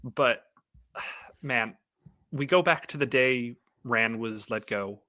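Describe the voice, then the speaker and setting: Male sports reporter, bright tense voice, wry deadpan humor, dry sound. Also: medium pitch, slow pace, dry recording. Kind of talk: casual sports talk.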